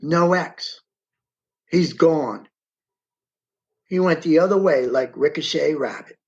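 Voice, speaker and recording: A man being interviewed as an eyewitness. He tells his story in dramatic first person, with emphasis, and pauses to direct someone moving a map on screen. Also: fairly high pitch, darkish tone, highs cut off.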